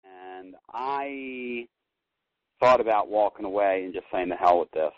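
A man hosts a call-in sports talk show and rants to his listeners, dropping to a mutter and then flaring up loud. His voice comes through thin and tinny like a phone line. The sound is dry, with no room around it. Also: lowish voice, a little slow, dry recording. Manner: fired-up, ranting, swings between muttering and loud.

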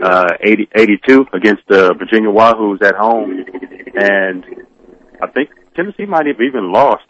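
A man co-hosting a sports radio show from a distance, reflective and halting. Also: lowish voice, fairly bright tone, lo-fi sound, a little hiss or hum. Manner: halting, reflective, many restarts. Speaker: co-host. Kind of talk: remote radio commentary.

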